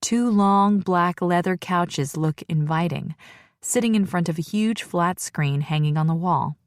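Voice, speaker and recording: A woman narrates a first-person romance audiobook, reading in an intimate, confiding inner-monologue style. Her voice sits on the lower side, and the recording is close and dry with no room sound. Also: unhurried, dry recording.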